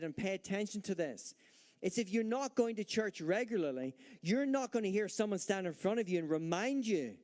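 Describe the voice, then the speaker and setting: A man's voice: high-pitched, a little mellow. A man preaching a sermon as pastor, emphatic, asking the congregation rhetorical questions and acting out their doubts. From Northern Ireland.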